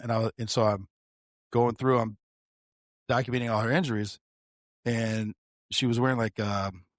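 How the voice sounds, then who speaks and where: A sheriff's deputy co-hosting a podcast tells a work story in a casual, animated way, swearing freely and calling the listener "bro" again and again. His voice is mid-range and moves at a normal speed. The studio sound is clean, with no echo.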